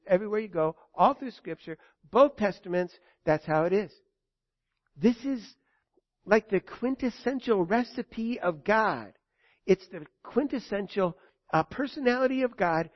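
A preacher with a fairly high voice gives an animated sermon, repeating key phrases and asking his listeners questions. The recording sounds dull and lo-fi. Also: no room sound.

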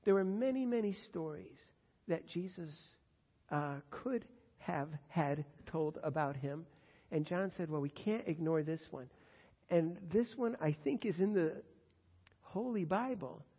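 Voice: mid-range voice, lively intonation, a little slow, long reverb tail, dull audio. A pastor teaching verse by verse through a Bible passage in a conversational, earnest way, with frequent fillers.

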